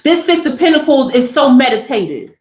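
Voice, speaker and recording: Upbeat woman tarot reader, high voice, emphatic, echoey room, livestream chat. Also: sing-song, a little mellow, a little hiss or hum. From Southern California. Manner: emphatic, repeats "tap in" and "y'all"; slows way down for emphasis. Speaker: tarot reader and spiritual speaker. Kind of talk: casual livestream talk with tarot.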